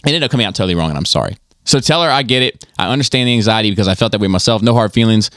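Low-voiced laid-back podcast host. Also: male voice, expressive, very fast, a bit bright, no echo, clean studio sound. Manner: laid-back, swears freely, laughs often. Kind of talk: casual podcast chat, reading listener emails aloud.

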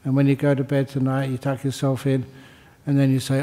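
Older male monk, dharma talk, mellow dark tone, relaxed and joking, repeats lines for emphasis. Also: medium pitch, a little fast, few pauses. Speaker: Buddhist monk teacher. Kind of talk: dharma talk answering questions.

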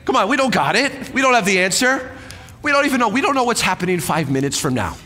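A man pastor preaching a sermon on stage, energetic and conversational, acting out a demonstration with helpers. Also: sits high, quick pace. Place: church stage with long reverb. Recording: reverberant church hall.

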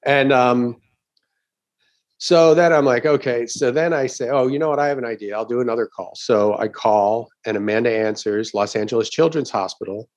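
A middle-aged man, a stand-up comedian, tells a long story in a loose, casual chat. He swears freely and leaps into bits of the crowd's reactions. His voice sits at an ordinary pitch for a man. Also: moderate pace, lo-fi sound. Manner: animated, swears often, acts out crowd reactions.

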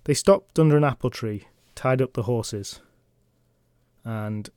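A male podcast host retells old legends in a chatty, comic way, full of wry asides. His voice sits at a middle pitch. The sound is close and dry, with no room in it. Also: normal speed, darkish tone, no room sound.

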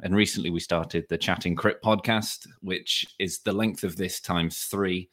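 Deep-voiced Englishman, dry humor. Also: fairly even intonation, a little slow, fairly bright tone. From England. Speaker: podcast guest. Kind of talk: casual podcast chat. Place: at home.

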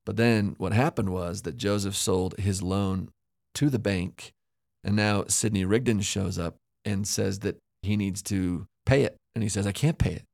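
Low, gravelly man musing on history. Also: fairly even intonation, a little slow, darkish tone, no room sound, clean studio sound. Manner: reflective, hedging with asides. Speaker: podcast co-host. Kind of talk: casual conversational history discussion.

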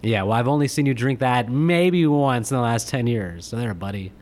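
A man's voice: medium pitch, animated, normal speed, darkish tone. Podcast co-host, man, middle voice, playful ribbing, loose casual talk. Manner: teasing, playful, tries silly bits. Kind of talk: casual movie chat.

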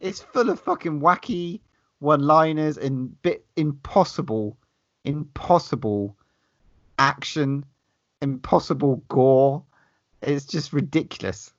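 A man's voice: on the high side, expressive, takes it slowly, highs cut off. A man co-hosting a casual film chat, enthusiastic and sweary, laughing between phrases. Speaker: podcast co-host.

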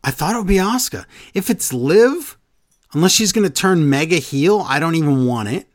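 A man's voice: a little high, expressive, normal speed, dry recording, studio quality. A man in casual chat, animatedly retelling events and quoting people in funny voices. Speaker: podcast co-host recapping wrestling.

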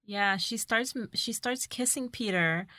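A woman's voice: medium pitch, measured pace, sharp tone, no room sound, clean studio sound. A woman co-hosting a casual movie recap, playful, acting out the characters' lines and laughing.

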